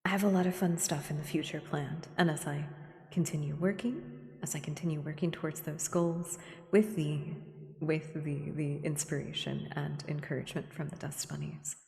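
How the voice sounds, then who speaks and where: A woman streamer talking gently in a soft ASMR style, often slipping into a whisper. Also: low-pitched, steady tone, normal speed, creaky. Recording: echoey room with long reverb.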